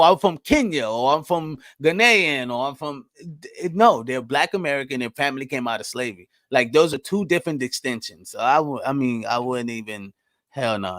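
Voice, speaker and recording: A man in his thirties hosting a podcast alone, answering live chat in blunt, profane talk that jumps loud and high when he gets riled. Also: dry recording. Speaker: podcast host. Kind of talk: casual solo commentary reading live chat.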